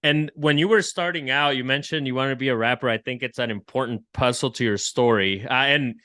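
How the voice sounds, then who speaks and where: Man, podcast host, bright clear voice, slangy and rambling, dry close mic. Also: medium pitch, brisk, no room sound. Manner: loose, slangy, many restarts and "like", "bro". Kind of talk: casual interview chat.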